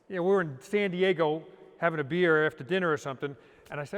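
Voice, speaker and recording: A man's voice: fairly high pitch, quick pace, fairly bright tone, long reverb tail. A man telling stories in a casual interview, rambling, restarting his sentences and saying "you know" a lot. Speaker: interview guest, car hunter. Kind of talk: casual storytelling.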